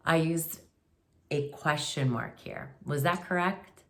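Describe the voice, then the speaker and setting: A woman's voice: low-pitched, a little slow. A woman teaching a remote kindergarten writing lesson, talking to young children in a patient, sing-song way.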